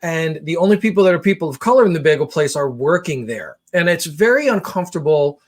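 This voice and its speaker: A man spinning a comic rant in a slightly high voice. He sounds exasperated and swears freely, with lively, animated delivery. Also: fast. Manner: animated, profane, exasperated ranting with voiced impressions. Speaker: podcast co-host. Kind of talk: comedic storytelling rant.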